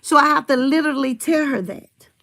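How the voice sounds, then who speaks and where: Middle-aged lady on a livestream, high voice with lots of fry, rambly and chatty, talks back to the chat. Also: fairly quick, a bit bright. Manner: rambling, chatty, answers viewers' comments. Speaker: livestream commentator.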